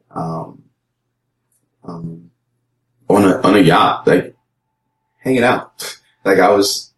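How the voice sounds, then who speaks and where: A young adult man and youth pastor giving a personal testimony talk, earnest, with many fillers and repeated words, jumping higher when he acts out his own quoted lines. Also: roomy sound.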